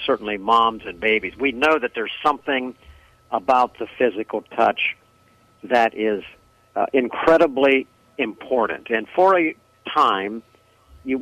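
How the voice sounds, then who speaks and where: Hesitant pastor guest full of ums. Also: male voice, mid-range voice, a bit bright, dry recording, low-quality recording. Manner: many ums and uhs, thoughtful restarts. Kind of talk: radio interview answer.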